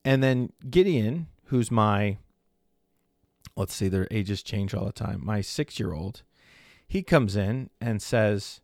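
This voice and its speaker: A man's voice: on the low side, lively intonation, slow, gravelly, darkish tone, no room sound, studio quality. A man in his forties hosting a faith podcast, telling a family story in a conversational way, often checking in with "right?". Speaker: podcast host. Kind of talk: faith-based solo podcast talk.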